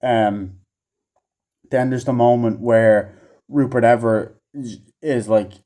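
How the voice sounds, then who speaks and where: Mellow-voiced man ranting in a profane review. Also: mid-range voice, steady tone, takes it slowly. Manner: profane, rambling, acts out characters' lines in a raised voice. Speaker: movie reviewer. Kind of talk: casual rambling movie review.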